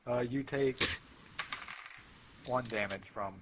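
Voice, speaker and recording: A man narrates a tabletop game as its dungeon master, stopping and restarting often with fillers. His voice sits at an ordinary pitch. A noisy mic with clicks runs under him. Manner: loose, halting narration with many fillers.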